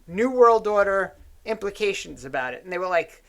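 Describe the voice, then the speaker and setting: A man hosting a casual political chat, tipsy on whiskey, rambling and swearing as he tells animated stories. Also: high-pitched, normal speed. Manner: rambling, profane, animated storytelling. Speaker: show host.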